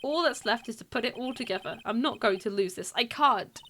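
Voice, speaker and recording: A woman's voice: on the high side, animated, brisk, pushed and bright, a little hiss or hum. A woman voicing an earnest, determined young male defense lawyer in a game read-through.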